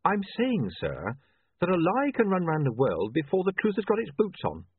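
A man's voice: sits high, huge pitch swings, moderate pace, breathy edge, dry recording, voice pushed up, heavily acted. A man voicing a polite, earnest young male reporter who speaks in a deferential way. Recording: tinny, dry, phone-like sound.

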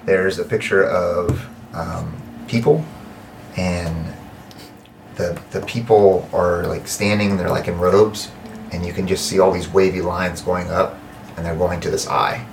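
A man narrating as game master in a tabletop game, pausing and restarting as he searches for words. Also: deep voice, steady tone, creaky, slight background noise, poor audio.

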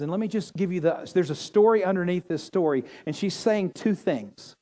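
Male pastor, high voice, joking sermon asides, long hall echo. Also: moderate pace, few pauses. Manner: animated, joking asides to the congregation.

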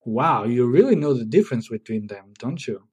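A man hosting a podcast in a comedy sketch, sounding bewildered and animated. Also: mid-range voice, normal speed, slightly rough. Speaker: podcast host.

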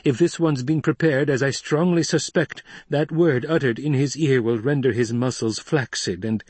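A man voicing a shrewd noble mother who urges her son in a low, earnest voice, with a husky tone. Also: normal speed, a little mellow, dry recording, close to an everyday voice. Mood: urgent hush. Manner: urgent, low and pleading.

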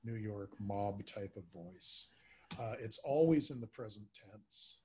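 A man hosting a podcast in a casual chat, speaking haltingly with many filler words. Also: on the low side, crowd noise. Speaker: podcast host. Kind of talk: casual chat about old-time radio.

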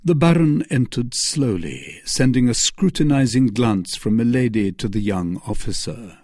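A man narrating a classic novel as an audiobook, in a measured, expressive reading. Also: medium pitch, no room sound, clean studio sound. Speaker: audiobook reader.

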